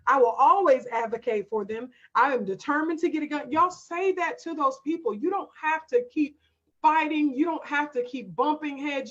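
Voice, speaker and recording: A woman's voice: high voice, muffled recording. A woman coach hosting a live stream, emphatic and direct, calling her viewers y'all and reading out their comments.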